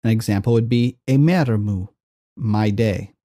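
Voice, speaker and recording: A man's voice: lowish voice, unhurried, warm tone, dry recording, clean studio sound. A man teaching Greek in a recorded lecture, explaining step by step and pronouncing terms carefully. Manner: methodical, clearly enunciated explanation. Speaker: Greek professor.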